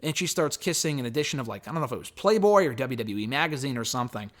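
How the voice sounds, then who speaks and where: In a loose, chatty spoken recap and review of a wrestling show, a man talks rapid-fire with lively intonation. His medium-pitched voice is a bit bright. He swears casually and brushes off details with "blah, blah, blah."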